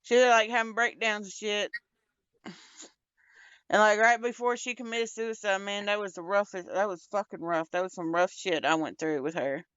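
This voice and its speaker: Young woman cursing a lot, rambly casual chat, bright smooth voice, kinda muffled. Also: mid-range voice, steady tone, normal speed, dry recording. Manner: blunt, heavy swearing, rambling. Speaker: podcast co-host.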